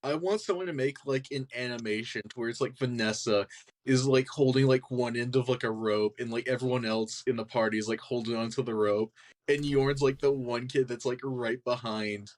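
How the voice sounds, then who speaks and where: Brief: male player, mid voice, excited, rambling. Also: mid-range voice, normal speed. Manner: excited, filler-heavy. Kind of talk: tabletop game chat.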